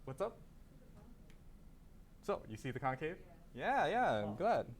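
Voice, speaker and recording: A man's voice: on the high side, big pitch swings, slow, a little hiss or hum. A man teaching a calculus class, asking students questions, then answering them himself and repeating key terms. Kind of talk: classroom lecture.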